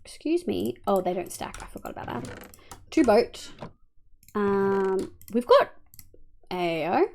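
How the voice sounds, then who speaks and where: A woman's voice: medium pitch, very animated, unhurried, gravelly, a little hiss or hum. A woman with an Australian accent, casually streaming a game and chatting with viewers, rambling with lots of ums and muttering while she builds. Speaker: livestreamer.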